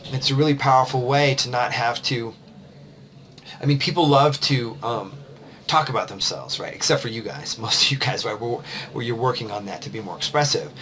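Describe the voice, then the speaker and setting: A man's voice: mid-range voice, moderate pace, a bit bright, a little hiss or hum. A man, a confidence coach, giving casual, rambling advice to the camera while a bit tired. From United States. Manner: conversational, loose, with fillers and restarts.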